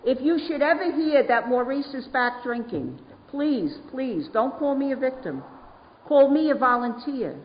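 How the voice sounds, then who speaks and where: A New woman with a fairly high voice tells her recovery story to a meeting. She leans hard on repeated words for emphasis. The recording is dull and lo-fi, with a long hall echo. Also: lively intonation, a little slow, slight background noise. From New York. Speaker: AA speaker.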